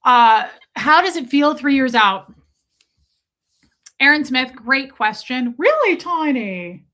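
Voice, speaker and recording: A woman's voice: high voice, big pitch swings, takes it slowly, sharp tone. Chatty woman on a livestream. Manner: chatty, profane, reads viewer comments aloud; playful exaggerated teasing. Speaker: livestream host. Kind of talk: casual livestream chat.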